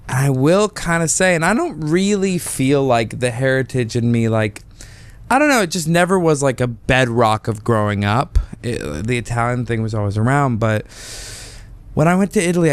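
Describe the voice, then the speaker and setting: A young man talks loosely as a podcast guest, stumbling through fillers and restarts. His voice is smooth and clear, at a middle pitch. The sound is dry and close. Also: expressive, dry recording. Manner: rambling, halting, many fillers and restarts. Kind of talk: casual chat.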